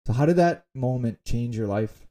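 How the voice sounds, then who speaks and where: A man hosts a casual interview and asks relaxed, open questions. His tone is warm and mellow, in a middle pitch for a man. He answers with short, friendly reactions. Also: normal speed. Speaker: interviewer, host.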